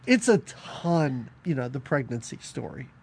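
Brief: young adult man, casual co-host, chatty, quick to laugh, mid-range voice. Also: medium pitch, sing-song, vocal fry, slightly rough. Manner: chatty, laughs often, jumps between topics. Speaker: podcast co-host. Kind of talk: casual film review chat.

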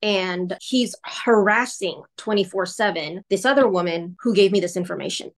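A woman's voice: medium pitch, normal speed. A woman guest on a podcast, earnestly telling her own story and acting out what others said. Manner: earnest, re-enacts courtroom exchanges in quoted voices. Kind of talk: personal storytelling in an interview.

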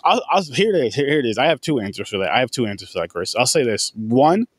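A man hosts a casual podcast chat, rambling through asides with plenty of swearing. His voice sits at an everyday middle pitch. It sounds close and dry, with no room echo. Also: sing-song, quick pace, slightly rough. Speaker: podcast host.

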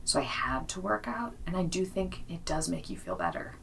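A woman's voice: on the low side, wildly swooping pitch, normal speed, gravelly, a bit bright, far from the mic, a little hiss or hum. A woman in her thirties co-hosting a podcast in casual chat, telling stories and acting out quotes. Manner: chatty storyteller, acts out quotes. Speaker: podcast co-host.

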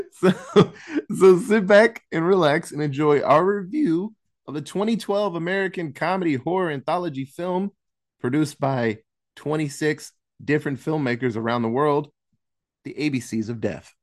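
A man's voice: on the high side, expressive, normal speed. A man hosting a horror movie podcast in a loose, casual way, swearing freely and laughing. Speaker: podcast host.

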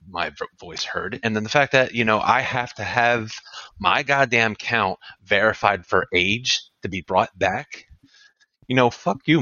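A man in his thirties hosts a podcast and rants in fury, swearing in nearly every breath. His low voice pushes hard and sounds forceful. The recording is dry and a little dull, like a cheap home setup. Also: no echo. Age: 30s. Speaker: podcast host. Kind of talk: angry profane rant.

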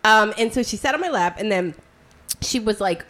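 A chatty woman hosting a relaxed interview. She laughs often and drops swear words without fuss as she tells her own stories. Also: medium pitch, normal speed. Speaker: host. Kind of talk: casual interview chat.

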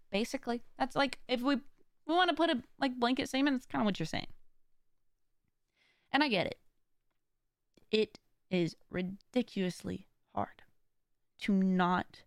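A woman's voice: on the high side, normal speed, long pauses, darkish tone, no echo, clean studio sound. Chatty woman giving a faith pep talk. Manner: chatty, full of "like" and "kinda"; earnest and encouraging. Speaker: podcast host. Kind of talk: casual faith-based motivational talk.

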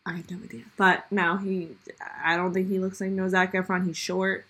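A woman's voice: on the low side, level tone, normal speed, fairly bright tone. A woman hosting a podcast, chatty, chiming in with reactions and opinions. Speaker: podcast host. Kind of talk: casual chat.

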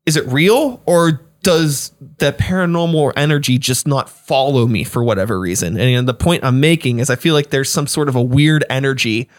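A man's voice: mid-range voice, normal speed, hardly any pauses. A man thinking aloud in casual chat, rambling and hesitant as he works toward his point.

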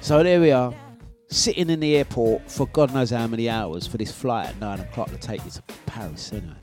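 A man hosting a breakfast radio show, telling a story in an animated, laughing way and acting out the scenes. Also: medium pitch, a little fast, faint music behind. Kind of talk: casual storytelling on air.

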